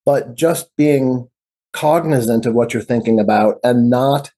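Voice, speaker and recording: A man speaking as a physician guest on a podcast. His voice is mellow and a little husky, and he explains earnestly in a conversational way, often ending points with a rhetorical question. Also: mid-range voice, unhurried. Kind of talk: conversational interview.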